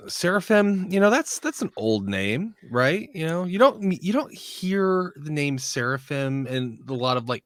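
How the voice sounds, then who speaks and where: A man's voice: medium pitch, fairly bright tone, no echo, studio quality. A man playing a tabletop role-playing game, chatting in character with rambling, jokey asides. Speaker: player.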